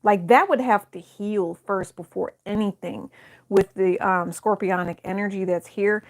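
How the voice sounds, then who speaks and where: A woman at a medium pitch talks through a tarot spread in an easygoing, conversational way. She muses aloud, trails off and circles back as she interprets each card. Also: measured pace. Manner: thinks aloud, hesitant, many fillers and restarts. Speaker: tarot reader. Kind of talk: casual tarot reading to camera.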